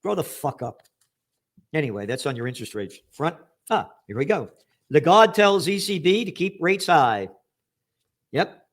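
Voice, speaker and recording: Brief: middle-aged male commentator, sharp and angry, cursing, higher-pitched, bursts of shouting. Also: expressive, normal speed, pauses often. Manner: profane, angry, shouts for emphasis. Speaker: trends commentator. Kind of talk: ranting news commentary.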